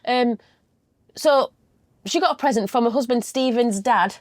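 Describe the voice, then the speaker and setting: Female co-host, chatty storyteller, slightly high, dry close sound. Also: measured pace, dry recording. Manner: chatty, reads out viewers' stories. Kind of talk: casual chat.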